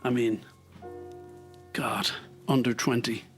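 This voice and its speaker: A man's voice: medium pitch, steady tone, takes it slowly, soft background music. An Irish man thinking aloud while walking on a treadmill, reflective and rambling, with lots of fillers. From Ireland. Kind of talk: casual thinking-aloud monologue.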